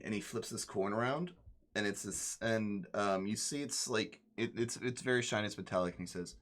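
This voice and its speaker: A man with a fairly low voice narrates a tabletop game as its game master. His telling rambles, full of fillers and self-corrections. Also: brisk, fairly bright tone. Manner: rambling, many fillers and restarts.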